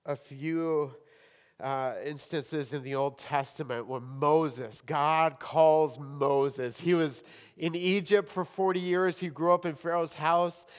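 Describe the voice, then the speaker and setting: A man preaching a sermon in a church hall, with dramatic swings between loud emphasis and hushed tones. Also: a little high, fairly even intonation, slow. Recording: long hall reverb.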